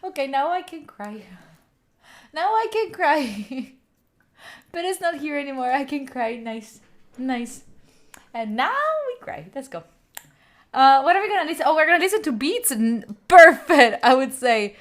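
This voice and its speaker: With a high voice and lively intonation, an Italian woman talks at a moderate pace to the viewers of her study stream. Her first language is Italian, and the casual chat rambles along, playful and self-mocking, full of laughter.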